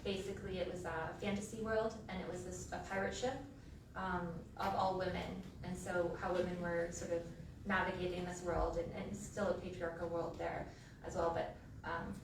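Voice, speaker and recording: A woman's voice: lowish voice, flat delivery, normal speed, distant mic. A woman, the sister of the deceased, giving a eulogy in a funeral home chapel. She tells funny personal stories in a chatty, casual way, full of filler words. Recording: echoey hall, voice from afar, room noise.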